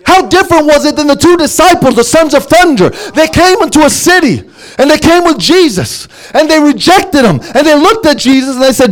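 A man preaching a sermon, emphatic, dropping to hushed asides and then rising to loud exclamations. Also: extremely high pitch, big pitch swings, brisk.

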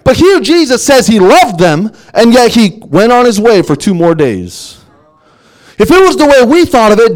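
A man preaching a sermon in a strikingly high voice that leaps up and down with lively melody. His delivery is emphatic, swinging between hushed, low asides and loud, ringing exclamations. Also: normal speed.

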